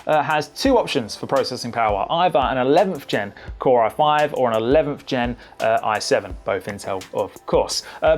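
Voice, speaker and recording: A man giving a relaxed, conversational laptop overview as a tech reviewer, with frequent fillers. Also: on the high side. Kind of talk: casual product overview.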